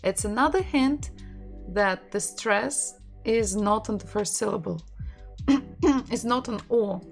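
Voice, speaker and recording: A woman's voice: mid-range voice, slow pace, creaky, soft background music. A woman with a Russian accent teaching an online language lesson, patiently repeating words for learners.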